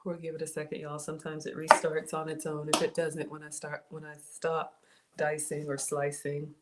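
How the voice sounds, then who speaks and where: This home cook has a low-pitched voice and a completely flat delivery at normal speed. She greets viewers by name during a casual kitchen livestream recorded on a phone and tablet, with noisy audio.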